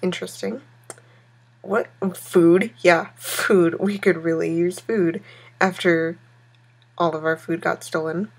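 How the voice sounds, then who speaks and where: A woman's voice: fairly low pitch, steady tone, slow. A woman casually playing a text adventure game, thinking aloud and reading its narration. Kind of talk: let's-play reading and commentary.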